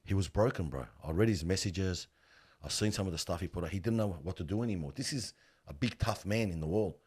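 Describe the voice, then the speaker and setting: This middle-aged man speaks low and deep, with a husky grain to his voice. He tells stories earnestly and with emphasis, in loose everyday slang. His tone is that of a guest sharing hard-won lessons from funeral work. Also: fast talker, darkish tone. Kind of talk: heartfelt conversational storytelling.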